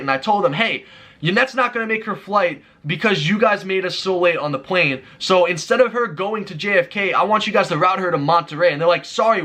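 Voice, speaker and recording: A man's voice: high voice, bright, forceful tone. A young man telling a frustrated travel story in a vlog, ranting and acting out the exchanges. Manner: exasperated, fast ranting, acts out quoted exchanges. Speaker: vlogger.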